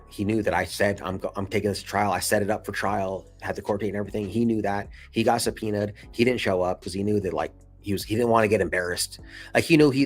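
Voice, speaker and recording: A man's voice: low voice, breathy edge. A man in his thirties casually telling a personal story straight to camera, full of slang and swearing, with laughs between lines. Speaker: vlogger.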